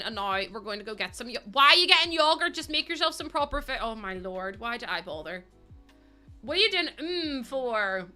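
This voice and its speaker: A woman's voice: mid-range voice, sharp tone. A young woman livestreaming a life-sim game, chatting casually to her viewers and the game characters and laughing often. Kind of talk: casual livestream chat while playing.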